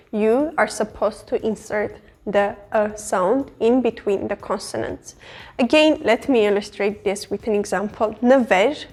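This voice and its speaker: A woman who teaches her language, explaining pronunciation tips patiently and slowing down to model words. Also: mid-range voice, a little mellow.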